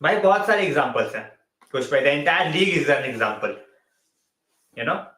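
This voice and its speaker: Tired and yawning late at night, a man hosts a live football stream, switching into Hindi mid-sentence and repeating himself. His fairly high voice races along, very animated, bright and forceful. The audio is poor and roomy.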